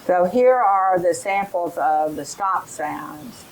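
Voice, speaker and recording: A middle-aged woman giving a teacher training lesson, explaining in a slow, careful way and modelling rhyming drills for children. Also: fairly low pitch, animated, a little hiss or hum, poor audio.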